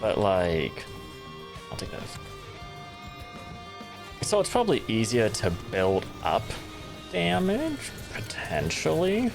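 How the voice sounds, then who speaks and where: A man's voice: mid-range voice, huge pitch swings, slow pace, vocal fry, pauses often. A young man chatting casually while gaming, laid-back as he explains game mechanics. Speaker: gamer. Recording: music playing behind.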